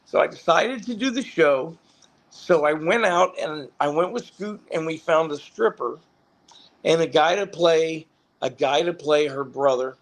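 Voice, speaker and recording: Casting: gravelly, fairly high-voiced middle-aged man, profane and rambling. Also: measured pace. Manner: rambling, profane, self-correcting. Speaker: interview guest, former pro wrestler. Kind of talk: casual storytelling.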